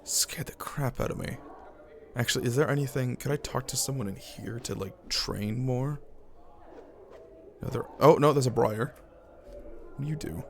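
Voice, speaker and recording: Swearing excitable man streaming a game. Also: mid-range voice, normal speed, vocal fry, long pauses, slight background noise. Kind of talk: live-streamed game playthrough, reading text aloud. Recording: music playing under the voice.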